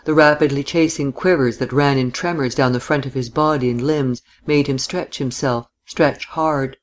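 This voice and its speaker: Measured novel reader, mid-pitched, steady and quiet. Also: slight background noise. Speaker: narrator. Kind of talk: audiobook reading of a novel.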